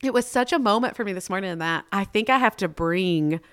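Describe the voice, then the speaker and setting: A woman hosting a podcast interview who chats in an animated way, retells stories and acts out the people in them, and fills her speech with "like". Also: mid-range voice, brisk, clean tone, no echo, studio quality. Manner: chatty, uses many fillers like "like". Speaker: podcast host. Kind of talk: conversational interview.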